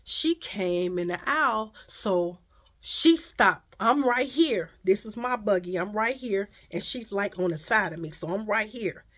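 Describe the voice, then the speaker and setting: Animated, cussing storyteller woman. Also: mid-range voice, unhurried. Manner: profane, emphatic, animated. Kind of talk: casual storytime vlog.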